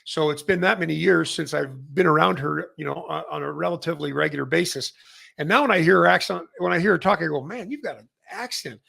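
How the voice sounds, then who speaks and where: Gravelly rambling middle-aged man. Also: a little high, fast, a bit bright. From Canada. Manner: rambling, many fillers and restarts. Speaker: massage chair retailer and show host. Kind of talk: casual industry update monologue.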